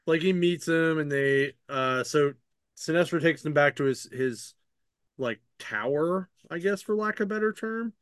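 Reviewing comic books on his podcast, a man with a fairly high, slightly bright, clear and resonant voice talks at a moderate pace. He rambles casually with fillers and restarts, recounting story scenes and paraphrasing characters himself; the recording is dry and studio quality.

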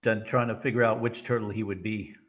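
A man joining a casual podcast chat with quick joking interjections. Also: fairly low pitch, flat delivery.

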